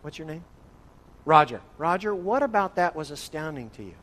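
A man's voice: fairly high pitch, very animated, moderate pace, fairly bright tone. A man from the northern United States teaching an interactive church Bible study session, playfully calling on listeners by name. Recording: long hall reverb.

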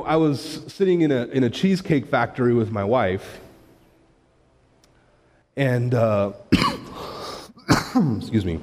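A man's voice: fairly high pitch, darkish tone. A man who grew up in Massachusetts, a pastor preaching a sermon in a conversational storytelling manner. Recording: long hall reverb.

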